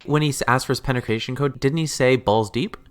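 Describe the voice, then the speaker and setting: A man's voice: mid-range voice, quick pace, clear, resonant tone. A man co-hosting a podcast, chatting casually with dry jokes and wry asides. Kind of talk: casual chat.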